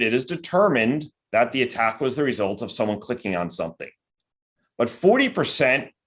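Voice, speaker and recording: A man of ordinary, middle pitch delivers a virtual conference lecture. He talks conversationally rather than stiffly, checking in with the audience through quick tag questions. He now and then acts out the doubts of his listeners in quoted voices. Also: fairly bright tone. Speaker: cybersecurity company executive giving a lecture.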